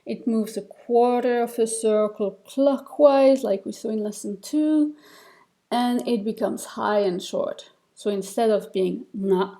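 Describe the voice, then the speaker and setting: A Tibetan reading teacher records a lesson over slides, moving through each step slowly and patiently. Her slightly high voice is mellow and soft-edged, and she pauses with fillers and restarts while explaining.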